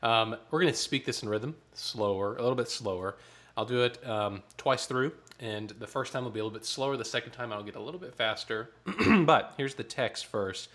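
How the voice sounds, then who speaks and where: A man leading a choir rehearsal online, coaching the singers in a friendly way, checking in often and clearing his throat now and then. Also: mid-range voice, a little fast, a bit bright. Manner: counts in and demonstrates rhythms aloud. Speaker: choir director.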